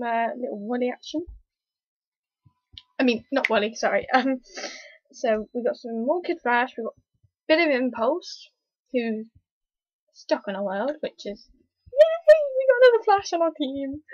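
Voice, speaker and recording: A fairly high-voiced woman chats through a casual review vlog, full of ums and restarts as she gushes like an eager fan. Her voice comes through a dull, lo-fi recording with a dry, close sound. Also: measured pace, long pauses, husky, no echo. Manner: rambling, hesitant, excitable fan with many fillers. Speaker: TV episode reviewer.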